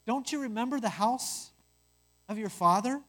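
A calm, patient firstborn son sent to bring his brothers home, voiced by a storyteller. He speaks steadily, close to the narrator's own voice. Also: mid-range voice, moderate pace, lightly acted.

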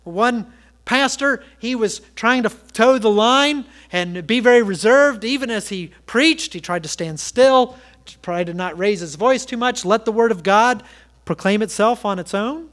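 High, bright-voiced preacher. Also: male voice, a little slow. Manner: emphatic, repetitive exhortations, storytelling. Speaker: pastor. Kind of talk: sermon.

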